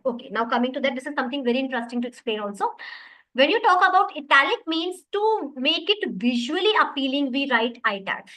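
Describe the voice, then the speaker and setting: Bright high-voiced woman teaching online. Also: big pitch swings, a little fast, low-quality recording. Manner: explanatory, repeats points, addresses students. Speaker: web development teacher. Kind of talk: online class lecture.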